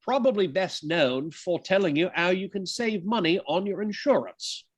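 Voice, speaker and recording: A man's voice: high-pitched, animated, slow pace, no echo, pitched above the performer's own voice, heavily acted. A man doing a mock English accent as a cheerful lizard mascot from an insurance commercial. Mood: salesy.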